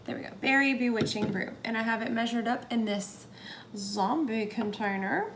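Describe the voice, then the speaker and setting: A woman's voice: on the high side, fairly even intonation, fast. A young woman narrating a soap-making session in a chatty, hesitant way, dropping to a whisper now and then. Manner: chatty, hesitant, drops into whispers while working. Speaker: soap maker. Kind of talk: casual how-to narration. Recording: faint background noise.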